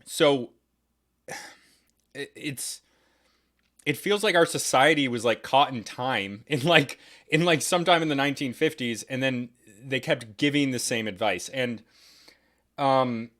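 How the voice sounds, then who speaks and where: A man hosting a podcast, talking in a rambling, animated way with frequent restarts and digressions. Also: medium pitch, a little slow, pauses often. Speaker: podcast host. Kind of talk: casual podcast conversation.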